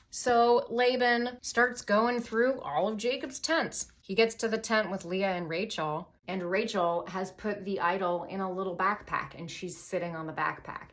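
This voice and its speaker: A woman's voice: medium pitch, fairly even intonation, unhurried, hardly any pauses. A young woman hosting a tipsy comedy retelling of Bible stories, sarcastic and profane, full of valley-girl fillers. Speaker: comedy podcast host.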